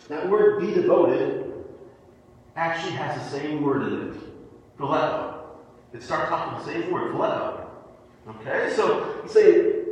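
A high-voiced male preacher teaches with a lively, swooping delivery, restarting and repeating words as he explains. He is heard from a distance in a large church hall with a long, roomy echo. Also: slight background noise. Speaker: pastor. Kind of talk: sermon. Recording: echoey hall, voice from far off the mic.

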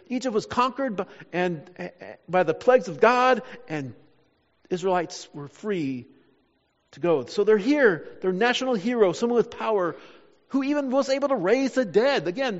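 A man preaching a sermon in a church. He preaches dramatically, pausing on key words and acting out the voices he quotes. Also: extremely high pitch. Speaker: pastor. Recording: dull sound, long hall reverb.

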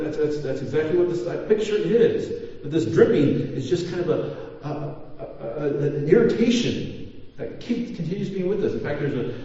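A man's voice: on the high side, warm tone. A man preaching a sermon as pastor, talking in a rambling way with many restarts and fillers. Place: church. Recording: echoey church hall, mic far off, dull.

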